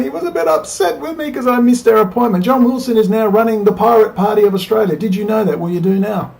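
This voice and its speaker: A man's voice: high-pitched, a little mellow. A man talking to his webcam in a fervent, rambling monologue that swings between urgent exhortation and weary asides. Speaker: political video blogger. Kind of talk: impassioned rambling monologue to camera. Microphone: laptop webcam.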